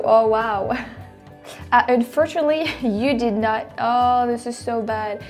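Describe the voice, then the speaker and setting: A woman's voice: a little high, unhurried, a little mellow, faint music behind. Chatty French-accented woman host. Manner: chatty, laughs often, restarts mid-sentence. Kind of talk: casual reaction video.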